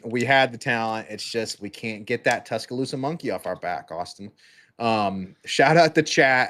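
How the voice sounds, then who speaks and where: Young male co-host, relaxed and filler-heavy, medium pitch, casual podcast talk. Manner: laid-back, lots of ums and uhs, reading out chat. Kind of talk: casual sports podcast chat.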